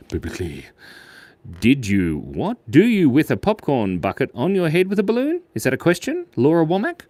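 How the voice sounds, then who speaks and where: A man's voice: fairly high pitch, wildly swooping pitch, normal speed, a little mellow, no room sound. A man hosting a live drawing stream, chatting playfully and goofily with viewers as he draws their suggestions. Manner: playful, goofy, talks to the chat. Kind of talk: casual live-stream chat while drawing.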